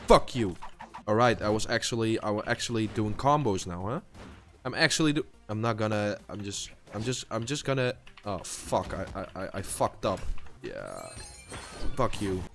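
A tired young man commentating his own gameplay, raging and swearing under his breath as he plays. English isn't his first language, and his pitch sits in an ordinary middle range. Faint game music runs behind him. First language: not English. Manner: raging, swearing, muttering to himself. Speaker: gaming YouTuber.

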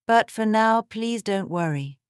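A woman's voice: medium pitch, expressive, unhurried, smooth, dry recording, studio quality, pitched above the performer's own voice, lightly acted. A woman voicing a young flight attendant who sounds earnest and pleading. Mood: reassuring. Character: young female flight attendant, anxious but firm.

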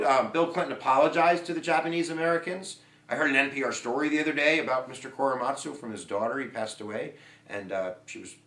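A man giving an energetic, joking history lesson, acting out quotes and sometimes shouting. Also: mid-range voice, reverberant, far from the mic. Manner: animated, jokey, shouts and acts out quotes. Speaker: history teacher. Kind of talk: energetic classroom-style lecture.

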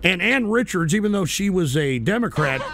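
Gravelly, high-pitched ranting man. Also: lively intonation, moderate pace, slight background noise. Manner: angry, loud, swearing, shouting at viewers. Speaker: talk radio host reading paid chat messages. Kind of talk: profane political rant.

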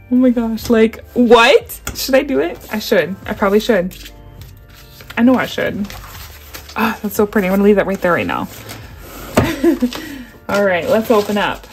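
A woman's voice: on the high side, big pitch swings, slow pace, pauses often, soft background music. Gushing young woman unboxing. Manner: gushing, gasping, repeats "oh my gosh". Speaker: vlogger. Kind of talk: excited unboxing chat.

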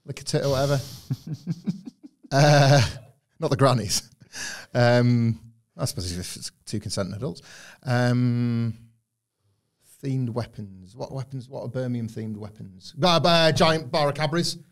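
A man's voice: medium pitch, unhurried, pauses often. A British man in his thirties who co-hosts a podcast, chatting casually and riffing with loose, rambling jokes. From United Kingdom. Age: 30s. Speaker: podcast co-host. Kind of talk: casual chat.

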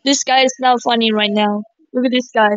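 A woman giving excited gameplay commentary, shrieking exclamations and repeating herself. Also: on the high side, a little fast, clean tone, no echo. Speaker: gaming commentator. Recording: dry, dull lo-fi mic.

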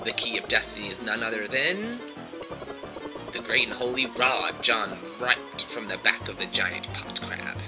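A man playing a grandiose, self-important male storyteller in a video game, spinning hushed and then booming tales of his own heroics. His delivery swoops widely in pitch, and game music runs underneath. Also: expressive, normal speed, creaky, low-quality recording. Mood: hushed dramatic. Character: pompous long-winded adventurer storyteller, male.

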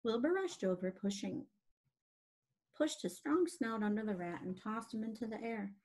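A woman gently and expressively reading a children's book aloud as narrator. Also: a little high, animated, normal speed.

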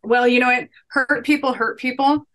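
A woman in her thirties speaks as a podcast guest, with a bright, ringing tone. She tells her stories earnestly and with emphasis, in a motivational way. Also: high-pitched, fairly even intonation, moderate pace. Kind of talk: conversational storytelling.

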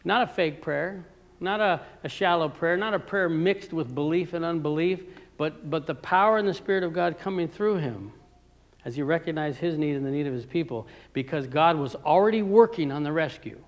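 Man, preacher, sermon, slightly high-pitched, conversational, questions to audience, loud-to-soft swings. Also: normal speed, dull audio. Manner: shifts between loud emphatic lines and quiet soft ones.

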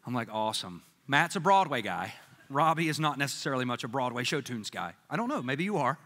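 A man's voice: mid-range voice, brisk. A man preaching a sermon as pastor, telling stories with jokey asides and voicing the people he quotes. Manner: animated storytelling, jokey asides, quoting others in voices. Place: church sanctuary. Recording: church sanctuary with long reverb.

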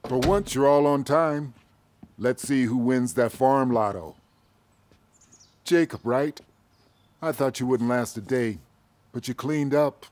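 An actor voicing a gruff, no-nonsense farm boss handing out pay in a video game. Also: male voice, medium pitch, slow, pauses often, darkish tone, natural voice. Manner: blunt, businesslike.

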